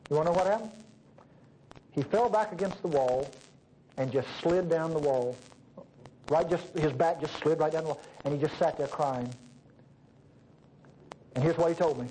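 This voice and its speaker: Folksy high-voiced preacher. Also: male voice, moderate pace, long pauses, slight background noise, rough recording. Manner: folksy, animated, swings between loud and hushed. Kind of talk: sermon.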